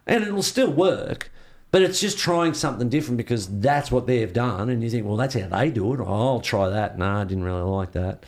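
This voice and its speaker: A man's voice: mid-range voice, lively intonation, fairly quick. A man with an Australian accent, a surfboard shaper, telling rambling stories in a casual interview and acting out the reactions he quotes.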